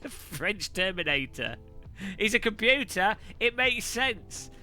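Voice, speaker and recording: Bright-voiced man streaming sim racing. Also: sits high, very animated, moderate pace, soft background music. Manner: jokey, chats with viewers, mock French phrases. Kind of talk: casual live-stream chat while sim racing.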